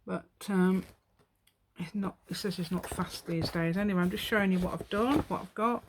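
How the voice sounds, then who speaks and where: A woman's voice: fairly low pitch, moderate pace, noisy background. A woman in her fifties chatting and rambling as she makes a craft piece at home, talking to herself and laughing often. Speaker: craft vlogger.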